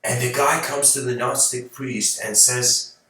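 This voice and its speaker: A man's voice: mid-range voice, steady tone, a little slow, bright, forceful tone. A man telling a story as a rambling talk, hesitant and full of restarts. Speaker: channel host giving a talk. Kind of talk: rambling spoken storytelling lecture. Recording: very echoey room, far from mic.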